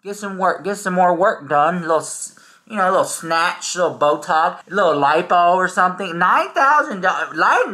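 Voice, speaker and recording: A man's voice: high voice, bright, forceful tone. A man hosting a casual reaction commentary, sassy and rambling as he talks straight to his viewers. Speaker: commentary host.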